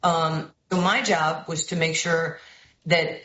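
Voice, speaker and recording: A low, deep-voiced woman with a New York accent tells stories as a guest on a talk show. She jumps into the voices of the people she quotes. The sound is roomy and a little dull. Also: slow. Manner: lively storyteller who acts out quoted voices. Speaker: basketball head coach, guest. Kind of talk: animated storytelling interview.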